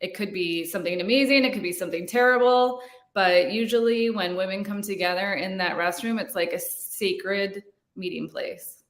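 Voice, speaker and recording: A woman filmmaker answering interview questions about her short film in a relaxed, talkative way. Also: medium pitch, moderate pace, echoey room. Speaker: filmmaker guest.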